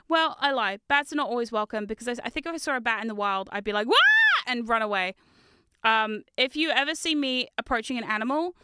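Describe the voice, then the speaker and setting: A woman streaming from her desk in casual chat, giggly and chatty with loud squealing exclamations, on a close microphone. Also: a little high, clear, resonant tone, no room sound. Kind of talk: casual chat while building.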